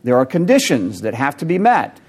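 A man preaching an expository sermon to his congregation, explaining word meanings in a measured way with occasional fillers, and pausing to ask the listeners questions. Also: mid-range voice, huge pitch swings, a little mellow, breathy edge. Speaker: pastor.

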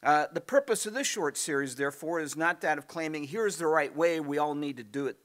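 Conversational pastor with a voice going hoarse. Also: male voice, fairly high pitch, a little fast, a bit bright. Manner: conversational, anecdotal with frequent fillers and restarts. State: losing his voice, clearing throat. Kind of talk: sermon.

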